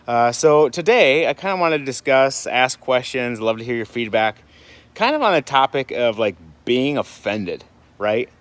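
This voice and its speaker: A man from Michigan talks straight to his viewers in a loose vlog style. He circles his point with fillers, restarts and rhetorical questions, his pitch sitting in the middle of the range. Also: expressive, moderate pace, fairly bright tone, no room sound. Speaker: vlogger. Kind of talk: casual vlog talk. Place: home in Puerto Rico.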